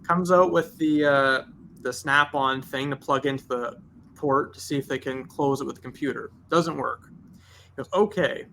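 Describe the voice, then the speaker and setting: A man's voice: mid-range voice, normal speed, gravelly, slight background noise. A man, a detailing shop owner telling a long story on a podcast and acting out both sides of the dialogue. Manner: animated, acts out both sides of conversations.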